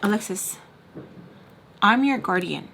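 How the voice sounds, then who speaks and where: A woman's voice: medium pitch, expressive, slow pace, gravelly, bright, forceful tone, slight background noise, heavily acted. A woman voicing an irritated, bossy male employer who badgers with repeated questions. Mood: stern.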